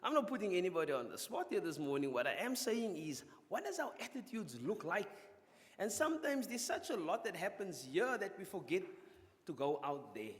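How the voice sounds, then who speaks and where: Animated preacher man in a reverberant church. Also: high voice, brisk. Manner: animated, conversational preaching to a congregation. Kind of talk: sermon. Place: church hall.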